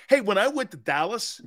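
A man's voice: fairly high pitch, fairly bright tone. Joking, rambling sports talk host, man. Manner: joking, laughs often, rambling asides. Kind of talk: casual sports radio banter.

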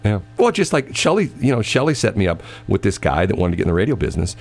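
A man with a very low, gravelly voice chats on a morning radio show. He tells rambling stories, stammering and repeating words, and his pitch swings widely. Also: sing-song, quick pace. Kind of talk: casual on-air chat. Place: radio studio.

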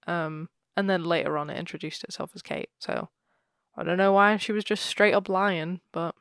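Chatty giggly woman podcaster, kinda low voice, retelling ghost legends. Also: moderate pace, creaky, a bit bright, no echo, studio quality. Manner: giggly, chatty, laughs often. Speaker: podcast co-host. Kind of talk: casual storytelling chat.

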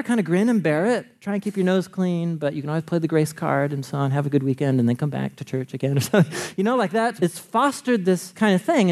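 A pastor with a fairly high voice preaches a sermon in a casual, conversational way. He stays animated, his voice swooping up and down, and he often breaks into laughter.

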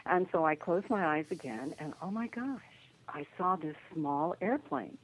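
An older woman, a guest on an interview, telling lively anecdotes and acting out the voices of the people in them. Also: deep voice, normal speed, a little hiss or hum. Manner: lively storyteller who acts out the voices in her anecdotes. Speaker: guest, psychic detective. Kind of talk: animated storytelling in a phone interview. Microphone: telephone. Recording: tinny phone line.

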